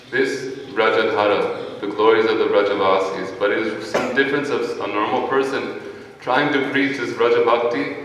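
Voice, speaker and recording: A man's voice: medium pitch, fairly bright tone, slight background noise. A man giving an earnest devotional talk, quoting scripture verses in Sanskrit and Bengali. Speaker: devotee giving a spoken offering. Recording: echoey hall, distant mic, faint ambience.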